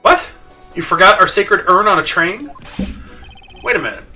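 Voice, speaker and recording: A man's voice: high-pitched, animated, normal speed, sharp tone, distant mic, faint music behind, exaggerated voice. A man voicing an exasperated, sarcastic male lawyer.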